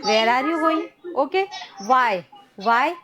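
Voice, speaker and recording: Young Indian woman, high voice, grammar teacher who switches between Hindi and English. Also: lively intonation, slow pace, very noisy. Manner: mixes Hindi and English, repeats words for drilling. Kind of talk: online class lesson.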